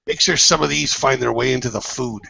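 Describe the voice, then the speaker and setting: A man's voice: mid-range voice, a little fast, creaky, sharp tone, slightly rough, no room sound, lo-fi sound. A man playing a tabletop game, talking in a blunt, commanding way. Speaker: player. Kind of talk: in-character tabletop play.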